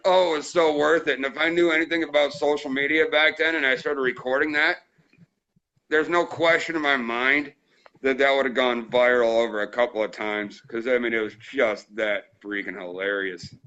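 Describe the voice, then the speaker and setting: A man's voice: mid-range voice, steady tone, moderate pace, sharp tone, highs cut off. A man hosting a trapping channel, telling crude, joking stories in a rowdy, casual way. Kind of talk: casual storytelling.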